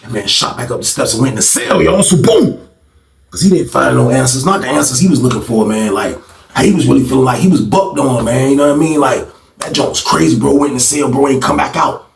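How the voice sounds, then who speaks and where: Fast-talking man telling a story, roomy sound. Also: creaky, recorded from a distance, a crowd in the background. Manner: animated, acts out other people's voices with big pitch jumps. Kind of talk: casual storytelling.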